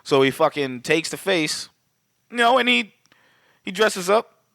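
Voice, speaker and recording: A man with a slightly high, bright voice runs through a movie plot, loose and profane, acting out lines along the way. The sound is dry and close, with no room around it. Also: a little slow, gravelly, dry recording. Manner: profane, animated retelling with acted quotes. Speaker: podcast co-host. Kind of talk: casual movie recap chat.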